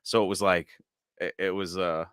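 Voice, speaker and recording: A man's voice: low voice, level tone, moderate pace, a bit bright, clean tone, no room sound, studio quality. A man hosting a live podcast, chatting casually and laughing often as he reads out viewer comments. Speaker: podcast host. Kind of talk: casual live-stream chat.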